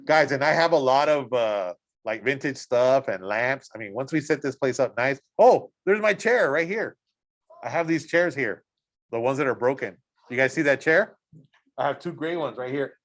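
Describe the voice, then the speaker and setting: A man's voice: mid-range voice, moderate pace, a bit bright. A man teaching a school art and design class in a casual, chatty way, exclaiming over pictures and often checking in with the students. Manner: enthusiastic, exclaims over images and keeps checking in with "right?". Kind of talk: casual classroom instruction while browsing images.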